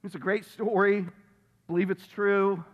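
A pastor delivers his sermon, a man with a voice set high for a man. He talks emphatically, doubling back on phrases to drive them home. His words ring out with a long tail of reverb from a large sanctuary. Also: little pitch movement, measured pace, phone-quality sound. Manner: emphatic, repeats phrases for stress; reads scripture aloud. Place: church sanctuary.

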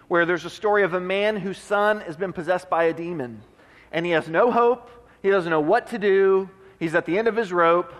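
Pastor, male, high-pitched, earnest conversational sermon delivery, reverberant sanctuary sound. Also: fairly bright tone. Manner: earnest, conversational preaching with restarts. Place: church sanctuary. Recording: long hall reverb.

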